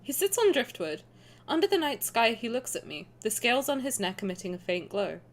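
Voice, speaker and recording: A young woman streamer plays a story game, reading the narration aloud and reacting in a chatty, animated way with lots of laughter. Her voice is fairly high and her pace brisk.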